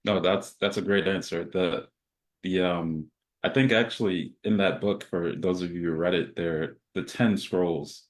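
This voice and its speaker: A man with a very low voice hosts an interview. He speaks briefly and calmly, mostly affirming his guest and asking short questions. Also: a little slow. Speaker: podcast host. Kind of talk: interview conversation.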